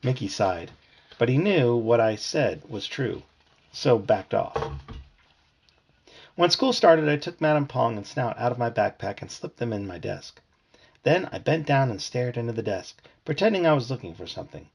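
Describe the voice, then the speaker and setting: A man's voice: medium pitch, moderate pace, vocal fry, husky. A man reading a children's book aloud to his family, telling it expressively. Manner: expressive storytelling.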